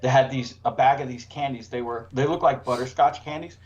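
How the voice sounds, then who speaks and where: A man's voice: medium pitch, steady tone, brisk, highs cut off. A man telling a profane work story on a casual podcast, laughing through his own punchlines. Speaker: podcast co-host.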